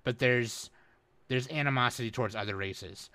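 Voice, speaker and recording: A man with a bright, forceful tone talks bluntly on a podcast, dropping swear words into loose, animated chat. His voice sits mid-range and sounds dry, with no room around it. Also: mid-range voice, normal speed, clean tone, no echo. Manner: profane, blunt, animated storyteller. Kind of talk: casual chat.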